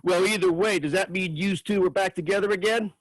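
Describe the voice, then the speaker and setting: A man's voice: high-pitched, a little fast, no echo, voice pushed up. A man reading aloud and voicing a talkative, caring adult woman friend, emphatic and streetwise. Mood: coaxing.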